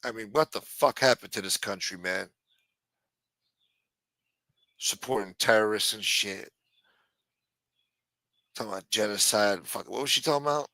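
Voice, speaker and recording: Cursing man ranting, bright voice. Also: fairly low pitch, moderate pace, no room sound. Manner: blunt, heated, swears constantly. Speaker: live-stream host. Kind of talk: profane ranting monologue.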